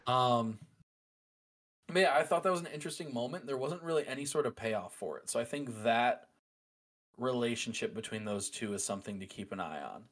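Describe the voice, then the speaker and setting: A man co-hosting a podcast in casual chat, animated and opinionated, with frequent fillers. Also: medium pitch, fairly quick. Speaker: podcast co-host.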